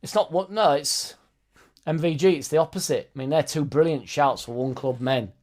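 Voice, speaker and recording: A man's voice: fairly high pitch, moderate pace, darkish tone. A young man hosting a football fan live stream, chatting loosely and reading out viewers' comments with sweary, joking banter.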